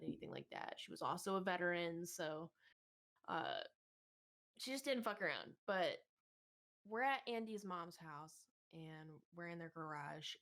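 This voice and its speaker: A woman's voice: fairly low pitch, fairly bright tone. A woman telling a long funny story on a podcast in casual chat, laughing often and acting out other people's lines. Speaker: podcast co-host.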